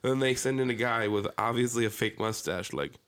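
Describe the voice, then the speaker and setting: A man's voice: medium pitch, a little fast, fairly bright tone, smooth. A man with a Philadelphia accent, co-hosting a casual podcast chat, swearing and joking, slipping into mocking impressions. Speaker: podcast co-host.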